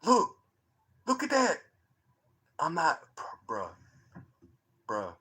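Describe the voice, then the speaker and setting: A man, excitedly commenting on his own phone footage for a live chat, repeating himself and tossing slang asides. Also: on the high side, slow, husky. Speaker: streamer showing his own sky footage. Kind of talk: casual live-stream commentary.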